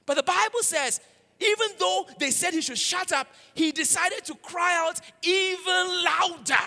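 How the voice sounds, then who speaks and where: A man preaching in a church sanctuary, his voice very high and bright, with a long reverb hanging in the hall. He swings between loud proclaiming and low, quiet emphasis. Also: measured pace. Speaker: pastor. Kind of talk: sermon.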